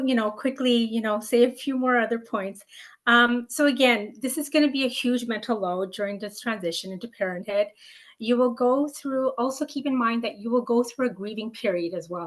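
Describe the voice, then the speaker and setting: A woman's voice: mid-range voice, a bit bright. Earnest woman doula, frequent ums. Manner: earnest, filler-heavy, many ums and restarts. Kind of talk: educational talk to camera.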